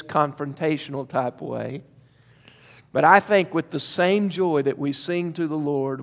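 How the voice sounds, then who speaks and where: A male pastor preaches in a high, bright register, stretching key words and pausing for emphasis. His voice rings out with a long reverb tail from the church sanctuary. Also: gravelly. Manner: emphatic, drawn-out preaching with pauses. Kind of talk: sermon.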